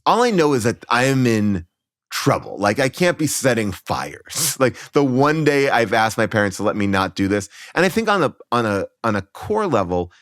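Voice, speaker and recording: A man's voice: medium pitch, big pitch swings, normal speed, a bit bright, dry recording, studio quality. A man in his forties, a podcast guest, telling a funny childhood story with lots of fillers and restarts, acting out his own lines. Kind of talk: comic storytelling.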